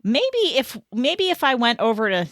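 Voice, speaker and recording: A woman's voice: a little high, sing-song, fairly bright tone, dry recording, studio quality. Chatty middle-aged woman co-host. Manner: chatty, reacts with quick asides. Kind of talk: casual podcast chat.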